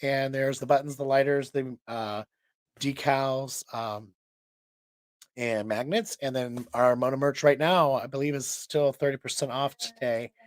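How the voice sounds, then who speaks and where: Tired male host, rambling chat, mid pitch, dry sound. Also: steady tone, measured pace, dry recording. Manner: rambling, chatty, many restarts. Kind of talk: casual show chat.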